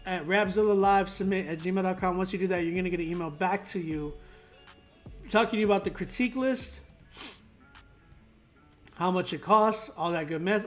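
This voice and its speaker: Young male producer, higher-pitched voice, relaxed rambling critique with faint music behind. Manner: laid-back, rambling, many fillers. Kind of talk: casual live critique.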